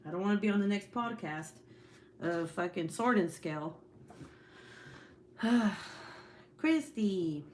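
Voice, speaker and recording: A woman's voice: fairly low pitch, lively intonation, takes it slowly, long pauses, a little hiss or hum. A mother chatting casually with her viewers, joking about her kids, laughing often and swearing freely in slangy talk. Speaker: livestream host chatting with viewers; mother of several young kids. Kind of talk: casual chat.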